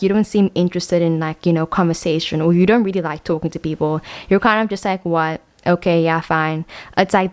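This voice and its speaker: Young female tarot reader, smooth and clear voice, casual and frank, chats on freely. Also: on the low side, darkish tone. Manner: chatty, filler-heavy, frank. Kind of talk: casual chat, tarot reading.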